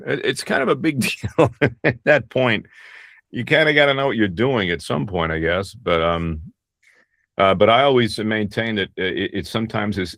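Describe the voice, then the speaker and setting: A man's voice: on the low side, creaky, a bit bright, no room sound, studio quality. A middle-aged man, a voice actor, talking casually in an interview, rambling and self-deprecating with many restarts. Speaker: voice actor guest.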